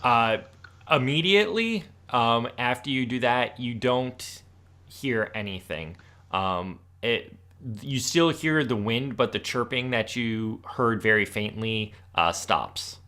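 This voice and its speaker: A man running a tabletop role-playing game as game master, narrating in a halting way with many fillers. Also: mid-range voice, expressive, sharp tone.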